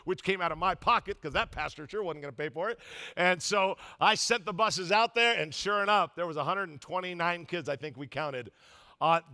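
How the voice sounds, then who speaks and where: In a church auditorium, a male pastor with a high-sitting voice preaches a sermon built around a story. He draws the congregation into lively call-and-response.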